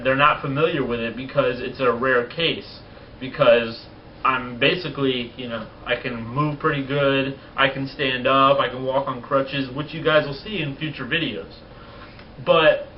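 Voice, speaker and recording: Give me a blunt, cursing man in his twenties vlogging, recorded from a distance on a dull mic. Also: mid-range voice. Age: 20s. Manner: blunt, profane, animated rants. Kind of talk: casual vlog talk. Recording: distant lo-fi mic with faint noise.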